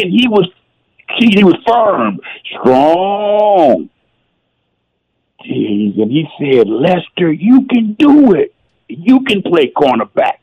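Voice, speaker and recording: Tearful ex-player guest, high and lively, slow-spoken, dull lo-fi line. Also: male voice, breathy edge, no echo. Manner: emotional, tearful, exclamatory with "geez". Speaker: former football player, guest. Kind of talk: emotional radio interview storytelling.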